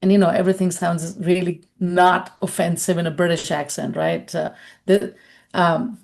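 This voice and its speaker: A woman's voice: fairly low pitch, level tone, normal speed, vocal fry, a little mellow. A woman leadership consultant giving a webinar, telling personal stories in a chatty way and often tagging her sentences with "right?". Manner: chatty storyteller, tags lines with "right?".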